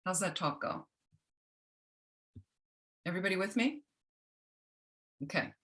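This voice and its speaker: A woman teaching a self-compassion workshop, gentle and instructional, often checking in with the group. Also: lowish voice, lively intonation, slow pace. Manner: gentle, keeps checking in with "okay?".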